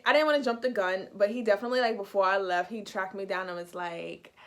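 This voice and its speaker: A young woman from the United States, chatty and animated, telling a casual storytime in a vlog. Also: medium pitch, fast talker, hardly any pauses. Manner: chatty, animated, heavy use of "like". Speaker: vlogger.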